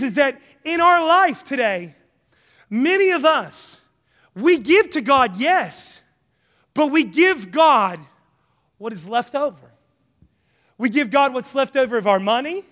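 A man preaching a sermon, conversational and animated, mixing jokes and acted asides into his points. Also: very high-pitched, unhurried, pauses often. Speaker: pastor. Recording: hall reverb.

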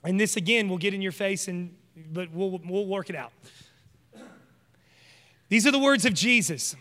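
Guy preaching in a big echoey church, high bright voice, talks right at the crowd. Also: expressive, normal speed. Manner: emphatic, conversational, addresses congregation directly. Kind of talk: sermon.

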